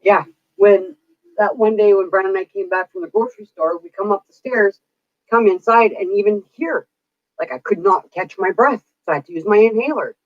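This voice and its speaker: A woman's voice: mid-range voice, sing-song, normal speed, no room sound. A woman vlogger venting in casual chat, swearing freely as she rants. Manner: profane, venting rant. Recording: dull, dry lo-fi recording.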